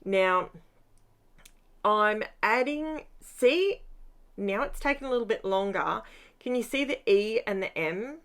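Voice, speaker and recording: A woman's voice: mid-range voice, animated, takes it slowly, pauses often, fairly bright tone. A middle-aged woman, chatting casually as she narrates her scrapbooking, tired after a long day. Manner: chatty, upbeat, rambling asides. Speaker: craft vlogger.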